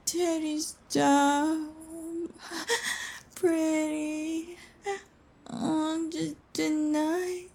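Very high, slow, tearful young woman. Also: darkish tone.

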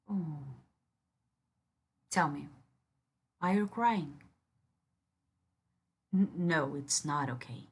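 A woman speaks straight to the listener in an audio role-play, her voice low and husky. She talks very slowly, with firm command that stays caring. Each word is set down with unhurried control. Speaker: dominant partner in a role-play.

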